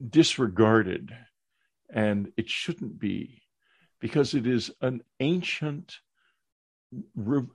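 An older man hosting an interview podcast, speaking in a measured, earnest way. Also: medium pitch, darkish tone, no room sound. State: hiccups. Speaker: podcast host.

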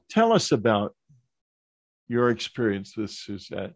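An older man hosting an interview podcast, speaking in a measured, earnest way. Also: lowish voice, darkish tone, dry recording. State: hiccups. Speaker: podcast host.

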